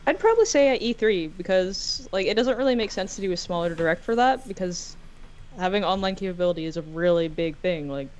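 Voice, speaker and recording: A woman's voice: fairly low pitch, expressive, brisk, darkish tone, lo-fi sound. A woman with a Canadian accent, a guest on a podcast, chatting casually, hedging her views and joking.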